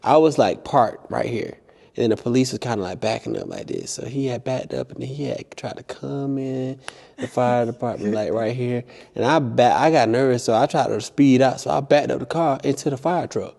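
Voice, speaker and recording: A man's voice: moderate pace, creaky. A young man telling a story casually on a vlog, acting out the people in it. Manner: animated, impulsive storytelling with high-pitched acted-out quotes. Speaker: vlogger.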